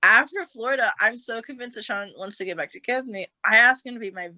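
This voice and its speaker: A woman's voice: on the high side, fast talker, no echo. Young woman rambling through a story, acts out everyone's lines, lots of "like", dry close sound. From United States. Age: young adult. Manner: animated storyteller, acts out quotes, says like a lot. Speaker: podcast guest. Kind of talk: casual storytelling chat.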